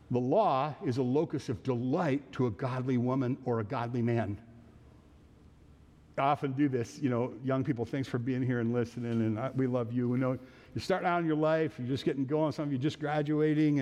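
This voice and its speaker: A man's voice: medium pitch, brisk, darkish tone, long reverb tail. A man preaching a sermon verse by verse, earnest, often repeating phrases and restarting his sentences. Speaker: pastor. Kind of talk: sermon teaching through a psalm.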